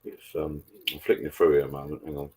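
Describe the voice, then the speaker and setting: A man's voice: very deep voice, level tone, a little fast, a little mellow, breathy edge. A middle-aged man hosting a casual live stream, rambling on and reading out viewer comments.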